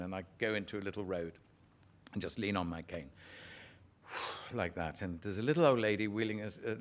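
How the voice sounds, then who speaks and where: Animated older actor telling stories. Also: male voice, fairly low pitch. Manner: animated storyteller, self-deprecating. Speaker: actor, interview guest. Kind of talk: anecdotal interview talk.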